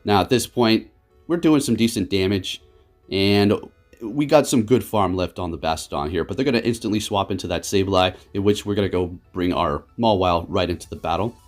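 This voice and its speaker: A man hosting his gaming channel, giving excitable live commentary on his matches that swings quickly between frustration and laughter. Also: low-pitched, soft background music.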